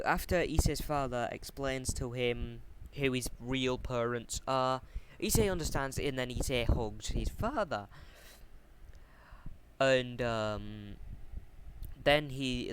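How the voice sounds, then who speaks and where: Hesitant man, slow and halting. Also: medium pitch. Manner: hesitant, full of ums and self-corrections. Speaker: fan fiction storyteller. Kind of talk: casual unscripted plot explanation. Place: warm room at home. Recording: steady fan noise at home.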